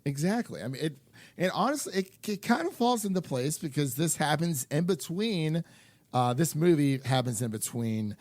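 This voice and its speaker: A young man co-hosting a film podcast, talking in an animated, rambling way with lots of restarts and fillers. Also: fairly high pitch, moderate pace, no echo. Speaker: podcast co-host. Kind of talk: casual chat.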